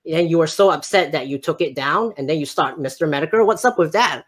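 A man's voice: a little high, a little fast, a bit bright. Stammering argumentative man. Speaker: guest on a live stream. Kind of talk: heated live-stream debate.

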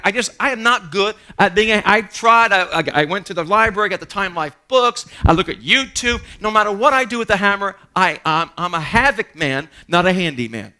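A man delivering a church sermon, his voice sitting a little high and ringing bright and forceful. He preaches with animated energy and drops in funny stories about himself. His sentences often restart with a stammer. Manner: animated preaching with humorous asides and self-deprecating stories. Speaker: pastor. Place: church sanctuary.

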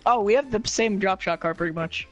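A man chatting casually while playing an online game with friends over a headset, goofy and prone to sudden yells. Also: high-pitched, brisk, dull audio, soft background music. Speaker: gamer on a stream. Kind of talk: casual gaming chat.

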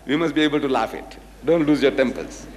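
A man's voice: medium pitch, fairly quick, darkish tone, in a large hall, slight background noise. An older man giving a religious lecture to an audience, telling anecdotes and acting out the voices of the people in them. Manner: storytelling, acting out quoted voices.

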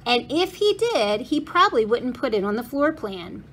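A level-headed schoolboy leader speaks calmly, a little lower than the reader's own voice, as a woman reads his lines. He keeps the storybook team on track. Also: moderate pace, a little hiss or hum.

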